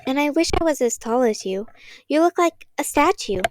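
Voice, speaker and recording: A woman voicing a chirpy, pestering little sister who sings her words in a teasing lilt, higher than her own voice. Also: animated, moderate pace, no room sound. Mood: eager. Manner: sing-song, teasing.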